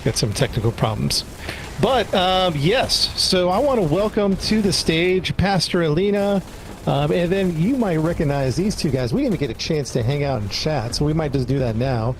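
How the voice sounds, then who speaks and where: A man's voice: fairly high pitch, lively intonation, moderate pace, slight background noise. Chatty upbeat male livestream host. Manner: upbeat, chatty, frequent fillers. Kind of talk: casual chat.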